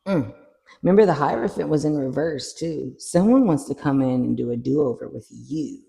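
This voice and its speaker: A tarot reader chatting casually through a card reading, animated and swearing freely. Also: medium pitch, normal speed, vocal fry. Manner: animated, swears freely, acts out little scenes.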